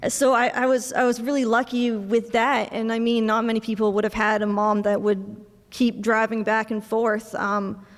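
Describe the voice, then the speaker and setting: A young woman giving a memorial speech for her mother, telling family stories with soft laughs and acting out bits of dialogue. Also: on the high side, flat delivery, moderate pace. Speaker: eulogy speaker, daughter of the deceased. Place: memorial service hall. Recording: long reverb of a large hall.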